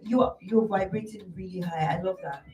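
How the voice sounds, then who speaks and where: A woman's voice: medium pitch, normal speed, a little mellow, echoey room, far from the mic. A woman from Nigeria, a guest on a radio chat show, easygoing and affirming. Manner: easygoing, laughs along, affirming.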